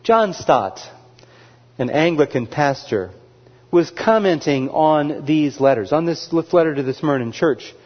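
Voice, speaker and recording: A man's voice: a little high, muffled recording. Preaching man in a reverberant hall. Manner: measured, emphatic preaching with repeated phrases. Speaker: pastor. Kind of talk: sermon.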